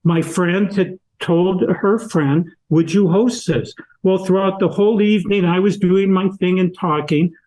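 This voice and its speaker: Slow, deliberate storytelling older man. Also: sits high, a little mellow, poor audio. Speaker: podcast guest, author. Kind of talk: storytelling in an interview.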